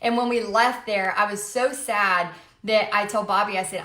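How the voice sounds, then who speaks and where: Woman in her late 30s, livestream host, chatty and animated storyteller, slightly high voice, roomy echo. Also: normal speed. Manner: chatty, animated, frequent fillers. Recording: echoey room.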